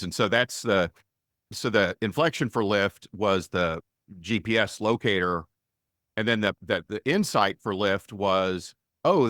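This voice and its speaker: A middle-aged man, a venture investor and author, explaining his ideas in an energetic, conversational interview. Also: lowish voice, no echo, clean studio sound. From United States. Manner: energetic, conversational, frequent restarts.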